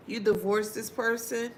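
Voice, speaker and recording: A woman's voice: on the high side, slight background noise. Chatty woman giving a casual reading. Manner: chatty and informal, with drawn-out asides and frequent laughs; repeats phrases for emphasis. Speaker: astrology or tarot reader. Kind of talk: casual spiritual reading to viewers.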